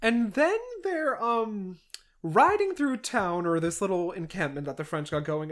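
A podcast host giving a casual, wry recap of a classic novel, with sarcastic asides aimed at the characters. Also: medium pitch.

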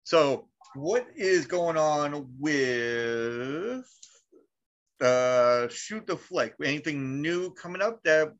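A man's voice: on the high side, lively intonation, drawn-out words. A man co-hosting a casual podcast, swearing freely, laughing often and acting out quotes in his stories. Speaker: podcast co-host. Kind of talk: casual chat. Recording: dull lo-fi sound.

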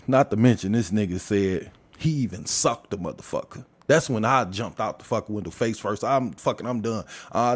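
A man giving a profane, heated casual rant, swinging from loud outbursts to low muttering. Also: breathy edge. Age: adult father. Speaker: commentator.

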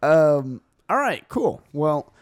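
A joking man co-hosting a podcast in casual chat. His voice swings widely up and down as he laughs and riffs. The sound is dry, with no room echo. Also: fairly high pitch. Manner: animated, joking, quick to laugh. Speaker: podcast co-host.

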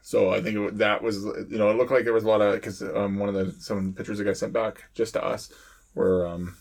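A man who works as a firefighter, telling fire stories in a rambling, halting way with lots of pauses and laughs. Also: fairly low pitch, level tone, creaky. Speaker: firefighter, podcast co-host. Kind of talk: casual chat.

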